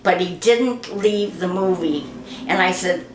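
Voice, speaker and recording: Slow-talking older woman, roomy echo. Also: on the low side, a little hiss or hum. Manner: chatty, acts out quoted voices. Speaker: interviewee. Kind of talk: reminiscing storytelling.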